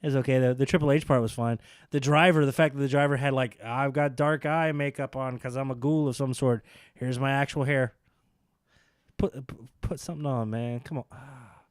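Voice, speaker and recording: A man co-hosting a casual wrestling podcast, sarcastic and quick to act out mock quotes in silly voices. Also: medium pitch, fairly even intonation, clear, resonant tone, no room sound, studio quality. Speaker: podcast co-host.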